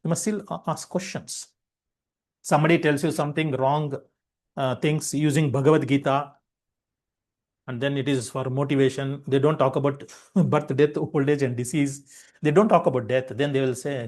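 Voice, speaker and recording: A man's voice: fairly high pitch, fairly quick, a little mellow. A man giving a spiritual lecture, explaining each point through repeated everyday examples. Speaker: spiritual teacher.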